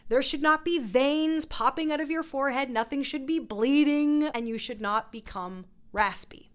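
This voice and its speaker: A woman's voice: high voice, normal speed. A woman vocal coach teaching a voice lesson in a playful, encouraging way. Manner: instructive.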